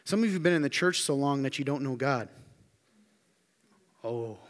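This is a man preaching at a moderate pace with lively intonation, his voice echoing through a church hall. As pastor, he presses his points emphatically, asks his congregation rhetorical questions, and rises to a loud, high-pitched pitch of intensity.

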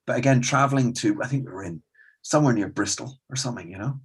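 A middle-aged man, a stand-up comedian and club owner, telling animated anecdotes in an interview and acting out the conversations he recalls. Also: mid-range voice, fast talker, slightly rough. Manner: animated storyteller, acts out quoted exchanges.

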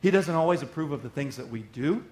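A man preaching a sermon in an animated way, slipping into little acted-out voices of everyday people. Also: on the high side, fast. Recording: roomy echo.

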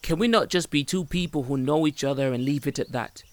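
A man voicing a sharp-tongued young woman who answers with sarcasm and brisk retorts, in a storybook reading. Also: fairly high pitch, pitched above the performer's own voice, natural voice. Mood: irritated.

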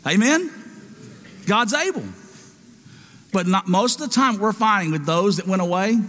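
Male preacher, high bright voice, emphatic call-and-response delivery, churchy reverb. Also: expressive, normal speed. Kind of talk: sermon.

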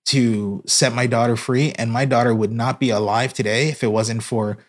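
A man's voice: medium pitch, fairly even intonation, moderate pace. Earnest man telling a story. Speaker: podcast guest, church broadcast director. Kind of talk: casual podcast conversation.

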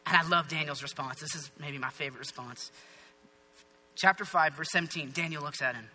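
A male pastor preaching a sermon as lively, conversational storytelling in a church hall. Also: fairly high pitch, brisk.

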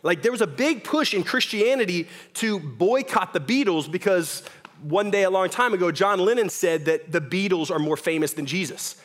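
A man's voice: sits high, lively intonation, moderate pace, fairly bright tone. A young man preaching a sermon in a church, casual and joking, often asking "right?". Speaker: pastor. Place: church hall with audience.

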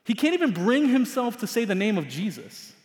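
A man preaching a sermon as pastor, telling a story dramatically, swinging between loud emphasis and hushed asides. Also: sits high, very animated, a little fast. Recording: long hall reverb.

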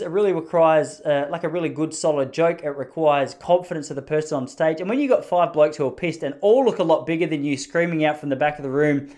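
A man's voice: fairly high pitch, a little mellow. An Australian man hosting a podcast, telling meandering, self-mocking jokes in casual comedic chat. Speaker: podcast host.

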